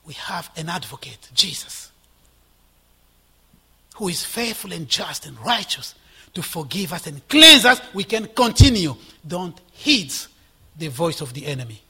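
A male preacher gives a sermon in a high, husky voice at normal speed, very animated throughout. He swings from ringing exhortation to hushed, whispered asides.

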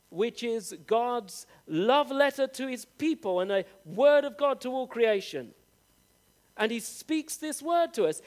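A male preacher with a strikingly high voice delivers a sermon. He speaks earnestly and straight to his listeners. He leans on key phrases, drawing them out and lifting his pitch for emphasis. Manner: earnest, direct address to the congregation; rises with emphatic, drawn-out phrases.

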